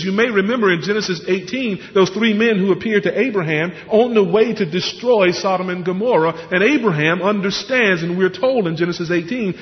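A pastor preaching a sermon, explaining scripture earnestly and posing questions to the congregation. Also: male voice, fairly high pitch. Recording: muffled sound with long hall reverb.

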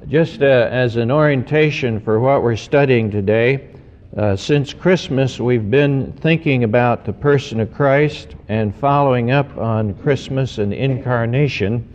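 A man, a pastor, giving an earnest sermon, slowing down to stress key words. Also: mid-range voice, darkish tone. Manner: measured, earnest preaching with slowed emphasis. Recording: dull recording with long hall reverb.

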